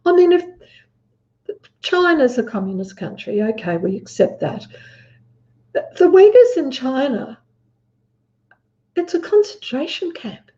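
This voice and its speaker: A woman's voice: high voice, very animated, a little slow, pauses often, dark tone. A woman with an Australian accent talking earnestly in casual conversation, acting out quotes as she tells a story. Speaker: guest. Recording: dull lo-fi audio.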